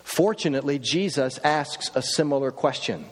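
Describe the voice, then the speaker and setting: A man's voice: medium pitch, lively intonation, moderate pace. A male pastor delivering a sermon, asking one rhetorical question after another with rising emphasis. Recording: long hall reverb.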